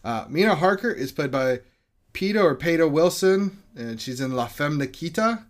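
A man's voice: a little high, animated, moderate pace. A man hosting a podcast, chatting casually and stumbling over names as he reads out film credits. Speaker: podcast host. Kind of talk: casual chat.

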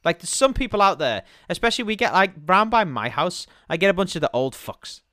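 A man rants through casual podcast banter, swearing constantly and mocking everyone he describes. His voice is bright and edgy and swings widely in pitch, sitting a little above the usual male range. The sound is dry and close to the mic. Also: big pitch swings, a little fast, no echo. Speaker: podcast co-host.

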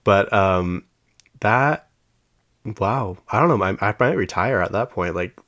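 A man's voice: lowish voice, expressive, measured pace, fairly bright tone. A man hosting his own podcast from home, chatting casually and rambling off topic with lots of fillers. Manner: chatty storyteller who laughs often. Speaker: podcast host. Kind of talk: casual solo podcast chat.

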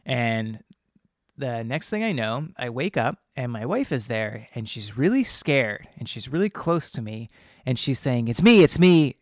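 A young man with an ordinary mid-pitched voice tells a personal story in a loose, rambling, earnest way, full of fillers and restarts. The recording is dry and close, with no room sound or echo.

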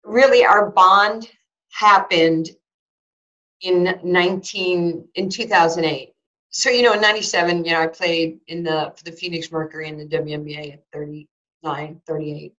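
A woman in her sixties recounts a personal story in an interview, lively and animated. She restarts her sentences often and acts out both sides of each conversation. The recording sounds a little dull and lo-fi. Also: on the low side, normal speed. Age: 60s. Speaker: former basketball player and sports broadcaster. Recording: slightly dull lo-fi audio.

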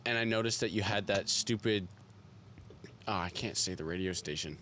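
A man's voice: deep voice, bright, forceful tone, a little hiss or hum. A young man co-hosting a podcast, joking and swearing in casual chat. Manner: joking, swearing, quick to laugh. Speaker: podcast co-host.

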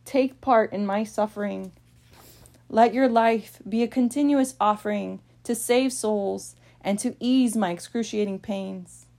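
Woman reading as anguished pleading Jesus, raised higher voice, slow, mellow. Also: close to an everyday voice. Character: suffering Jesus, grieving and pleading. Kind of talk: devotional meditation reading.

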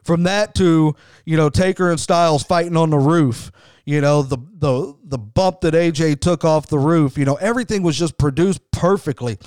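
A middle-aged man hosts a wrestling podcast, talking with enthusiasm in a loose, conversational way and often restarting his sentences. His voice is slightly higher than most men's, smooth and clear, and recorded dry and close. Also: moderate pace, a little mellow, dry recording. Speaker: wrestling show host. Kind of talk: podcast commentary.

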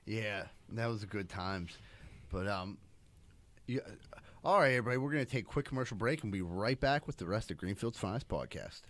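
A man's voice: fairly low pitch, expressive, fairly quick, a bit bright, no echo. A man in his thirties hosts a podcast in a laid-back, mumbling voice. He drops "like" into nearly every line. The sound is dry and close. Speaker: podcast host. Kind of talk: casual chat.

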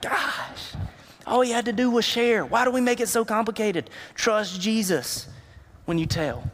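A youth pastor preaching a sermon, telling personal stories in a conversational, emotional way. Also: male voice, high-pitched, normal speed, big-room sound.

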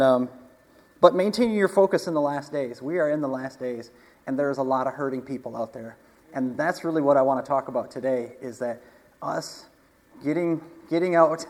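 A man's voice: mid-range voice, a little mellow. A man preaching a casual sermon, talking conversationally, asking the congregation questions and chuckling often. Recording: long hall reverb.

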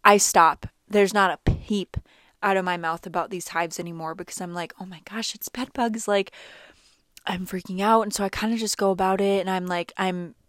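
A woman's voice: mid-range voice, normal speed, dry recording, studio quality. A young woman vlogger telling a personal story in a chatty, casual way, full of "like" fillers. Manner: chatty, animated, many "like" fillers.

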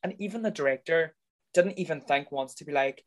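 A man's voice: a little high, brisk. A man in casual conversation, bluntly and profanely ranting as he reviews a film. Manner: blunt, sweary, exasperated ranting.

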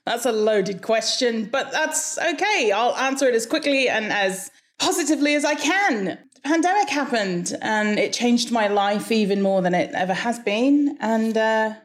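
A woman's voice: fairly high pitch, expressive, normal speed, few pauses. A woman from Hawaii with an English-leaning accent, a guest talking frankly and chattily in a casual interview, often laughing.

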